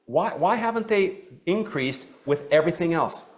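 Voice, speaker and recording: A middle-aged man leads a live coaching seminar, his voice sitting a little high. He talks animatedly and tosses "okay?" in after nearly every point. He calls on people in the room and asks them direct questions. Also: normal speed. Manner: animated, keeps checking in with "okay?". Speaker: practice coach. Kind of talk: live training seminar talk.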